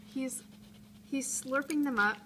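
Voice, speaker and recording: A woman's voice: sits high, measured pace, a bit bright. A woman hosting a live call-in art show from a gallery, talking in a playful, rambling way that often trails off. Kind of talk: live stream chat while drawing. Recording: noisy live stream room.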